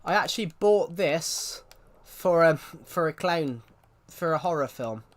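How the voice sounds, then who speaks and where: A man's voice: on the high side, animated, a little slow. A man chatting casually on his livestream, rambling and often restarting his sentences.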